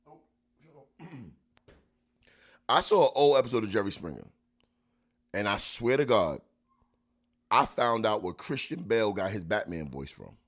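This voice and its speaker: Animated, joking podcast host. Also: male voice, fairly low pitch, unhurried, long pauses. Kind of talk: casual podcast chat.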